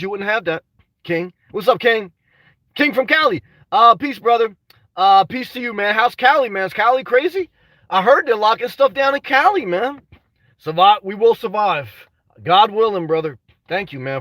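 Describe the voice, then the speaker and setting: A young man on a casual livestream, reading chat aloud and talking restlessly, tacking "man" onto almost every line and now and then rising to shouts. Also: high voice, dry recording, far from the mic. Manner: restless, says "man" constantly, swings to shouting. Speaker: vlogger reading live chat.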